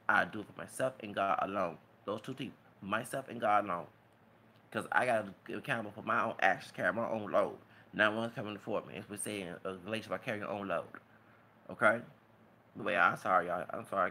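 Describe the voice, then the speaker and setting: A man's voice: on the low side, creaky, bright, forceful tone, slight background noise. A man giving an emotional, preachy, rambling rant as a vlogger. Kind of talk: impassioned rant to camera.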